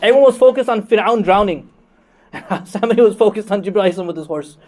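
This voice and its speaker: A man's voice: sits high, fast, a little mellow, rough recording. A man preaching a sermon on Quran commentary, joking with the congregation and asking them questions. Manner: joking, conversational, asks the crowd questions.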